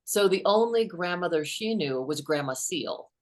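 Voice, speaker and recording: A middle-aged woman author, a guest in an interview, telling personal stories in an animated way and acting out the quotes. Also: on the low side, moderate pace. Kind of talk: conversational interview storytelling.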